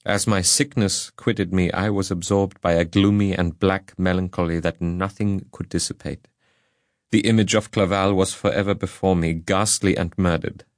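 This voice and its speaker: A man narrating an audiobook in a measured, solemn reading. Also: deep voice, steady tone, no room sound, clean studio sound.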